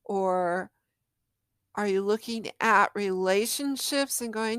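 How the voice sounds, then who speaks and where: A woman's voice: medium pitch, takes it slowly, fairly bright tone, smooth, no echo, studio quality. A middle-aged woman hosting her own podcast as a psychic medium, talking candidly and emotionally in a chatty way, with rhetorical questions to her listeners. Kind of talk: casual solo podcast talk.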